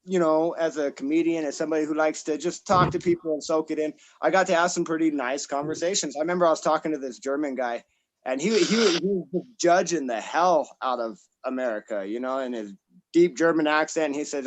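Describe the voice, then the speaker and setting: A Colorado man in his thirties performs a stand-up set over a video call, speaking briskly in a slightly high voice. His delivery is rambling and self-deprecating, packed with fillers and restarts, and the recording is rough.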